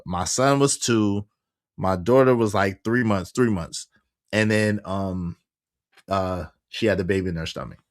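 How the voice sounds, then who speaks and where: A man's voice: on the low side, no room sound, clean studio sound. Man casually telling a personal story. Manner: animated, acts out quoted dialogue, frequent restarts.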